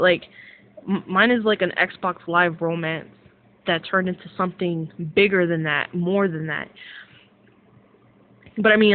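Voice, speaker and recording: Young woman, vlog rant, rambling, swears a lot, thin phone-quality audio. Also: medium pitch. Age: young adult. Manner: rambling, filler-heavy, swears a lot, excitable. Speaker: vlogger. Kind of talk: casual rant to camera. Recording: tinny phone-like sound.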